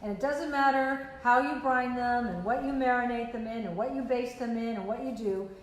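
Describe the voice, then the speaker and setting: A woman's voice: on the high side, moderate pace, very echoey, long reverb tail, slight background noise, low-quality recording. An older woman hosting a sales show, chatting in a playful, teasing way and telling stories. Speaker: show host. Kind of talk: casual chat on a sales show.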